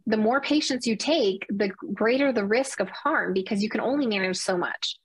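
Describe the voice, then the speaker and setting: Husky, impassioned middle-aged woman. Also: mid-range voice, normal speed, hardly any pauses, no room sound, rough recording. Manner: earnest, impassioned, retelling with quoted dialogue. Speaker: nurse, interview guest. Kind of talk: emotional personal account.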